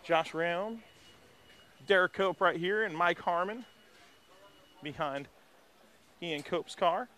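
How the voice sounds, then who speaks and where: A man hosting a live walk-around in an outdoor race garage, talking into a handheld mic in an energetic, rambling way. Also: high-pitched, slow, long pauses. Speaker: garage reporter host. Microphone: handheld microphone.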